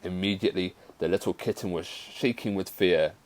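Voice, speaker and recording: A male teacher reading a story aloud to his class in a playful, expressive way. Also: deep voice, normal speed, a little hiss or hum.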